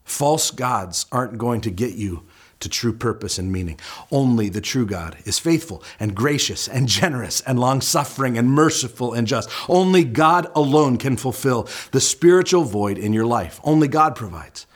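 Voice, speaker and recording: A male pastor preaching a sermon, telling the story with lively humor and pointed asides. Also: mid-range voice, normal speed, husky.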